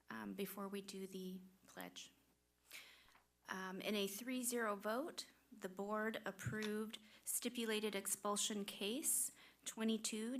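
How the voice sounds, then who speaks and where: A woman runs a public school board meeting and moves through the agenda in a procedural way. She reads votes and case numbers aloud, pausing often with "um" as she goes. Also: mid-range voice, fairly bright tone.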